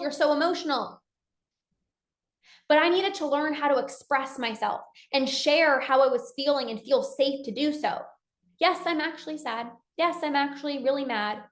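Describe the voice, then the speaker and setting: A binge eating coach with a bright, high voice gives a casual motivational talk, speaking a little fast. She coaches earnestly and drifts into quoted inner dialogue, while the room carries a noticeable echo.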